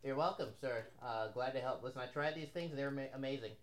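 A man's voice: mid-range voice, fast talker. A man chatting casually as co-host, talking from away from the microphone. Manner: off-mic banter from across the room. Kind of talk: casual chat.

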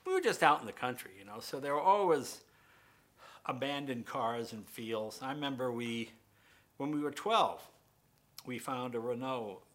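A man from rural New England telling lively, jokey anecdotes as a guest, often laughing as he goes. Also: medium pitch, moderate pace. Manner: lively, jokey, laughs through his stories. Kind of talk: casual anecdotal storytelling.

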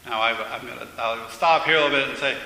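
A man's voice: mid-range voice, quick pace, gravelly, pushed and bright. A man preaching a sermon in a church, earnest and candid, sometimes restarting his sentences. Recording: echoey church hall with faint noise.

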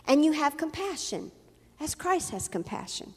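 A woman's voice: high voice, big pitch swings, moderate pace, long reverb tail. A woman pastor delivering an emphatic sermon, acting out quotes as she tells a story. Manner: emphatic preaching with acted-out quotes.

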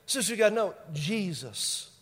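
A male pastor preaching a sermon. He stresses key phrases by repeating them, and he moves between loud bursts and quiet, intense lines. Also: sits high, normal speed. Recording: long reverb of a large hall.

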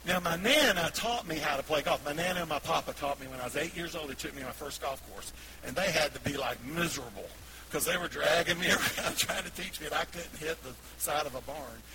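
A man's voice: a little high, a little fast, a little hiss or hum, rough recording. A male pastor preaching a sermon, telling folksy personal stories and laughing easily at them. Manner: folksy storytelling, laughing warmly at his own stories. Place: church sanctuary.

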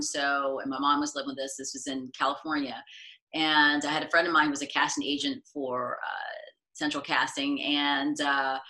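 A middle-aged woman from the United States, chatting as an interview guest and telling stories, acting out quotes in lively voices. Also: low-pitched. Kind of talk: casual interview storytelling.

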